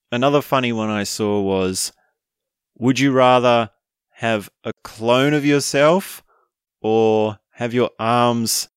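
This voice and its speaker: Man, casual monologue, chatty, laughs often, mid pitch, dry sound. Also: a bit bright, no echo. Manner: chatty, laughs often, tags lines with "right?". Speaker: speaker explaining a topic.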